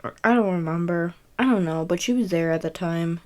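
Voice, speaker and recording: Young woman, low voice, casual storytelling, rambling, swears. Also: fairly quick, darkish tone. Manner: rambling, frequent fillers and self-corrections, swears. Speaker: podcast host.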